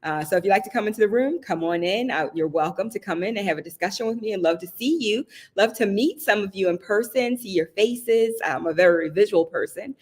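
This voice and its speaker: A woman's voice: mid-range voice, brisk, few pauses, a little mellow. A woman from the Southern United States hosting a casual live stream, talking in a chatty, personal way and often checking in with her viewers. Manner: chatty and personal, often asks "right?" and laughs.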